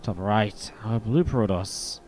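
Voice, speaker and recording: A man's voice: lowish voice, slow, a little mellow, faint music behind. A man with an English accent casting a live strategy game match, mixing play-by-play calls with chatty asides. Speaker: esports caster.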